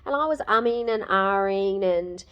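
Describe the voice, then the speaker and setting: A woman in her fifties giving a candid, emotional personal testimonial, with many fillers and pauses. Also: mid-range voice, fairly bright tone, clear, resonant tone. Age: 50s. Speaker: program client giving a testimonial.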